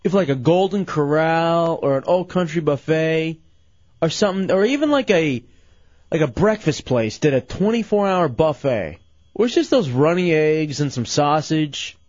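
Excitable hoarse radio host man. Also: a little high, normal speed, dry recording, dull audio. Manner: animated, incredulous questions. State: voice going hoarse. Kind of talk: casual late-night radio banter.

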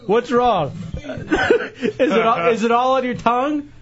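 A man's voice: very high-pitched, slow pace, a bit bright, a little hiss or hum. A man hosting a talk radio show, teasing his guests in joking banter and laughing often. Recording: dull lo-fi radio broadcast.

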